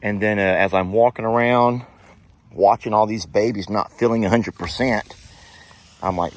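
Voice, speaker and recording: A man's voice: on the low side, fairly even intonation, moderate pace. A man talking through a rambling, reflective farm vlog outdoors, speaking straight to his viewers. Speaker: farm sanctuary video creator. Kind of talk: casual vlog monologue to viewers.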